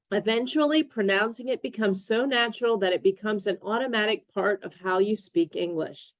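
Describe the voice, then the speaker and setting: Slow careful lady teaching english sounds, says each word pair real clear, dry mic. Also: medium pitch, dry recording. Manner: deliberate, models word pairs clearly. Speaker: pronunciation teacher. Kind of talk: slow scripted pronunciation lesson.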